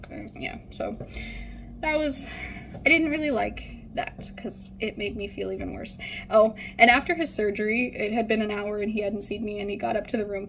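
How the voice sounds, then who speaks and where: A woman's voice: fairly high pitch, a bit bright, a little hiss or hum, low-quality recording. A young woman telling a casual, rambling story at home while she gets ready, full of "like" and "um". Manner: chatty, rambling, frequent "like" and "um". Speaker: vlogger.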